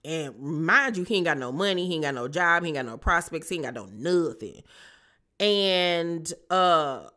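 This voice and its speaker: A bright, forceful voice runs through a casual recap of a TV episode with plenty of sass. The host drops in slangy asides to viewers and pins down each story turn. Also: medium pitch, expressive, normal speed.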